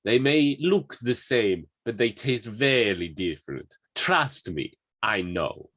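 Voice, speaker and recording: A pompous film villain, put on by a man lifts his voice well above his usual register. He drags every word out slowly and with great self-importance. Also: medium pitch, expressive, fairly bright tone, no room sound, pitched above the performer's own voice.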